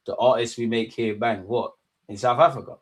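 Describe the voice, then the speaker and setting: A young man from England in his twenties, chatting casually on a live stream, slangy and animated, repeating himself and swearing freely. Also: mid-range voice, a little fast, no echo. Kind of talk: casual live-stream chat reading viewer comments.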